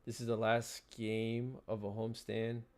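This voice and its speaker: Stammering gravelly betting host. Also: male voice, fairly low pitch, completely flat delivery, unhurried. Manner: stammering, repeats words, talks to chat. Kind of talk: casual livestream chat.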